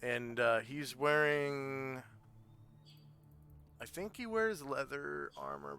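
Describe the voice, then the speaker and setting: A man's voice: medium pitch, expressive, slow pace, pushed and bright, clean tone. A man running a tabletop game as game master, checking rules aloud with frequent fillers as he goes. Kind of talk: casual tabletop game narration over a live stream.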